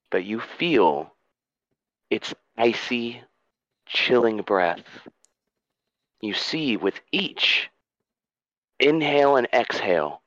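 A man narrating a tabletop fantasy game as game master, in a slow, dramatic telling. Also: on the low side, a bit bright, no room sound, highs cut off.

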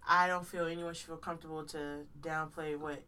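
Woman, podcast co-host, congested, frank and emphatic, low-ish voice, slightly distant mic. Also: little pitch movement, brisk, pushed and bright, clear, resonant tone. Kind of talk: casual podcast chat.

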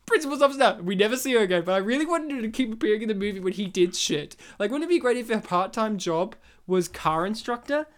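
A man's voice: sits high, lively intonation, fast, few pauses. A man co-hosting a casual podcast chat, telling stories with animation, laughing often and mimicking characters. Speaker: podcast co-host.

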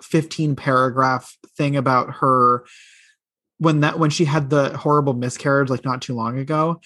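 A man's voice: medium pitch, fairly even intonation, moderate pace, pushed and bright. A man co-hosting a casual chat, gushing eagerly and agreeing often. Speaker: podcast co-host.

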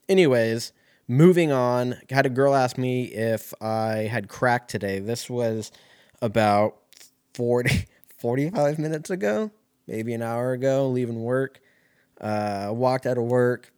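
A man's voice: on the low side, a little mellow, no echo, studio quality. A young man telling a rambling, profane story in a casual way, often laughing.

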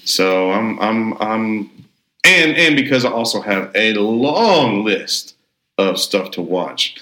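Deep-voiced man rambling upbeat in a roomy space. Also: animated, takes it slowly, sharp tone. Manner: rambling, upbeat, lots of restarts and fillers. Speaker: pastor and podcast co-host. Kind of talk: casual chat. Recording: roomy echo.

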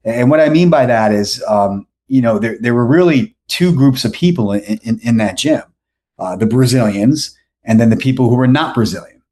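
With a mid-range, slightly mellow voice at an ordinary pace, this New Yorker spins a loose story on a podcast. He wanders through it, restarting often and leaning on filler words.

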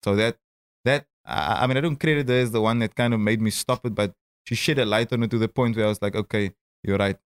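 The voice is mid-range, with no room sound. It belongs to a rapper in his thirties with a South African accent from Cape Town, telling stories as a guest in a casual interview, with frequent stammering restarts, quick asides and laughs.

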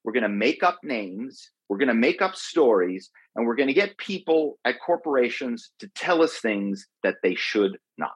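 A man's voice: medium pitch, very animated, normal speed, few pauses, husky, no echo, low-quality recording. A middle-aged man as an interview guest, telling a long personal story in a loose, rambling way, full of fillers and restarts. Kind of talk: conversational storytelling.

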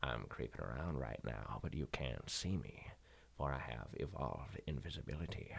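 A man doing an impression of a slow, deep, menacing famous voice. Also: very animated, gravelly, breathy edge, exaggerated voice.

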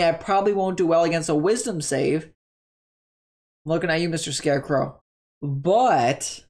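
A tabletop game content creator with a middle-pitched voice chats cheerfully through monster stats in a loose, rambling way, pausing mid-thought to self-correct before continuing.

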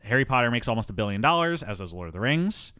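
A man's voice: mid-range voice, very animated, fast talker, pushed and bright, dry recording. A man hosting a casual movie podcast, chatty with frequent ums and asides. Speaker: podcast host.

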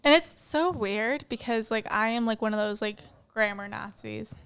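A woman with a fairly high, smooth and clear voice chats casually as a podcast co-host. She laughs often and fills her sentences with "like". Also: moderate pace, a bit bright. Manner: giggly, lots of "like" fillers. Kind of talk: casual chat.

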